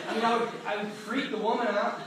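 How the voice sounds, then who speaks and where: A man preaching a sermon as pastor, animated and joking as he acts out voices. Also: high voice, very noisy. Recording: echoey hall from far off.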